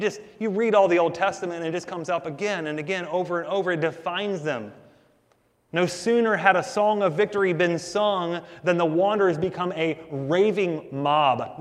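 A male pastor delivering a sermon, talking to his listeners as "guys" and asking them rhetorical questions. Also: fairly high pitch. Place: church sanctuary. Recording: long reverb of a church hall.

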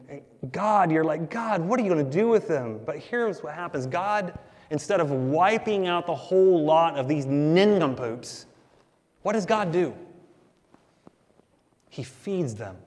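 A man's voice: a little high, expressive, takes it slowly, a little mellow. Man preaching in a reverberant church hall. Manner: preacherly, addresses listeners as guys, asks rhetorical questions. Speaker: pastor. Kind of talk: sermon. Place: church sanctuary.

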